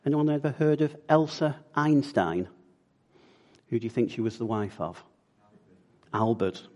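A man's voice: mid-range voice, animated, measured pace, darkish tone, lo-fi sound. A man preaching a sermon in a conversational way, often putting questions to the congregation.

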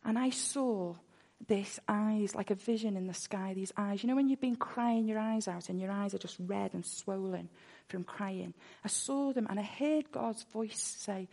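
A woman's voice: medium pitch, measured pace, creaky, few pauses, warm tone. A woman preaching a sermon full of personal testimony, earnest, and she repeats words when she gets worked up.

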